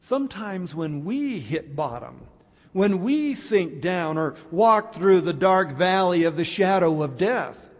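A man preaching a sermon, slow and reflective, with dramatic pauses. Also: sits high, lively intonation. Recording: long hall reverb.

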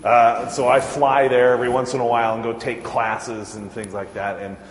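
A man's voice: mid-range voice, little pitch movement, moderate pace. A man preaching a sermon as pastor, talking in a conversational, joking way and laughing often. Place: church sanctuary. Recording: echoey church hall reverb.

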